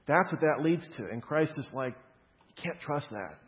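A man preaches a sermon, walking through scripture with emphatic stresses and casual asides. His voice sits a bit high for a man, and the recording is dull and lo-fi. A long reverb hangs after his words, as in a large hall. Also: animated, normal speed. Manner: explanatory, emphatic on key words, conversational asides. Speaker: pastor.

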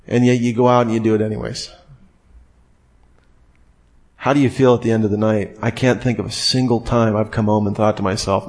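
A young man delivers a sermon in a relaxed, conversational way, voice at an ordinary middle pitch. He keeps turning to the listeners with questions and slips into the imagined inner voices of reluctant churchgoers. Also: brisk. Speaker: preacher.

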